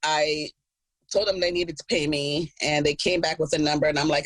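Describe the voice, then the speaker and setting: A woman co-hosting a podcast in casual chat, telling her stories with animated energy, acting out the people she quotes and laughing often. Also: low-pitched, brisk, dry recording, low-quality recording. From Jamaica. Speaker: podcast co-host.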